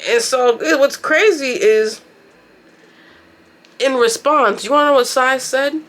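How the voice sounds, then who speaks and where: Woman vlogger, bright and forceful tone, casual slangy recap talk over a makeup session. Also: high voice, unhurried. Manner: chatty, slangy, expressive. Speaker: beauty and anime vlogger. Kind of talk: casual recap commentary while doing makeup.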